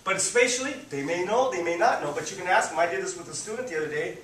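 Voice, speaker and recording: A man teaching a group how to guide visually impaired students, repeating "boom" to mark each point as he demonstrates. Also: animated, fast talker, fairly bright tone, a little hiss or hum. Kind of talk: live demonstration talk. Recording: echoey room, speaker far from mic.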